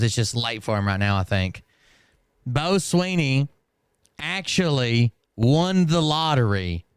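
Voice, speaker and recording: A man's voice: medium pitch, clean tone, no room sound. A man hosting a commentary show, dropping dry, sarcastic asides over clips. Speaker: host.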